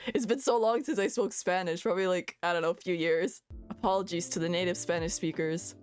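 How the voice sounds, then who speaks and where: A woman's voice: fairly low pitch, a little fast. A woman hosting a casual vlog, chatting through her music stats and stumbling over foreign titles with self-deprecating jokes. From Canada. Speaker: VTuber host.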